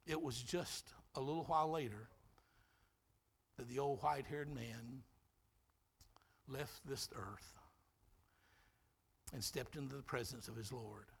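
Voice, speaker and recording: A man preaching a sermon, telling a story with dramatic, emphatic delivery that swings between loud and soft. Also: medium pitch, slow pace, vocal fry, long pauses, slightly rough. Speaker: pastor.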